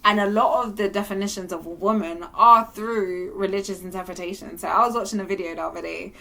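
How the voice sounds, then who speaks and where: Animated young woman vlogging. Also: mid-range voice, brisk, vocal fry. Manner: animated and candid, breaks into laughter. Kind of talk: casual monologue to camera.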